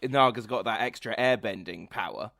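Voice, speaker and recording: A man's voice: lowish voice, moderate pace, gravelly, bright, forceful tone, no echo, clean studio sound. A man co-hosting a podcast, chatting casually in a wry, teasing way. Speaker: podcast co-host. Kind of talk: casual chat.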